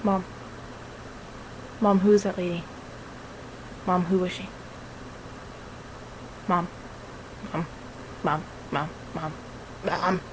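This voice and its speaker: A woman's voice: on the low side, steady tone, slow, pauses often, noisy background. Woman quoting a pleading young man. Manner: repeating himself insistently. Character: confused young man pleading with his mother.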